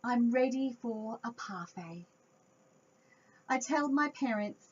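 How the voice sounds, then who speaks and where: Animated breathy woman reading a storybook. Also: fairly high pitch, slow, long pauses. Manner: animated and expressive, talking to young listeners. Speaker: children's storytime reader. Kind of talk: reading a picture book aloud to children. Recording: dull lo-fi home recording.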